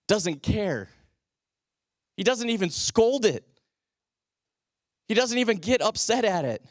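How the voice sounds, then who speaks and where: Male teaching pastor with a high voice, casual sermon delivery full of rhetorical questions, dry recording. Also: no echo. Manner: conversational, asks the congregation rhetorical questions.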